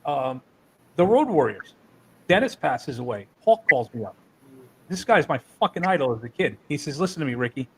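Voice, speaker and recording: A man who runs wrestling shows, from New Jersey, telling animated, profane stories in a casual interview. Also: fairly high pitch, normal speed, noisy background. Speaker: wrestling promoter.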